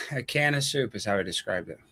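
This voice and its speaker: A man with a fairly low, slightly rough voice, talking at normal speed, hosts a late-night call-in live stream. In casual live-stream talk, he takes callers while ranting sarcastically and animatedly, thinking aloud as he searches online.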